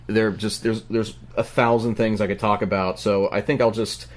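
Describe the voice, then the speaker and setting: A man telling a story on a podcast in an animated way, with lots of stammering restarts. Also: on the low side, normal speed. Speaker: podcast guest. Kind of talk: casual podcast chat.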